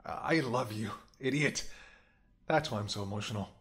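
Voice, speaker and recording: A man's voice: on the low side, moderate pace, soft background music, natural voice. A man playing a tender, protective bodyguard. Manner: soft, tender, gently scolding. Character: protective male bodyguard, tender, anxious lover. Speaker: voice actor. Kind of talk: whispered role-play.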